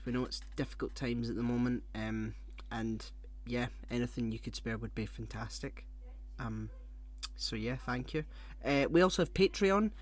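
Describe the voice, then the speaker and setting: A young man co-hosting a casual podcast, excitable and sweary, quick to loud laughter. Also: mid-range voice. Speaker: podcast co-host.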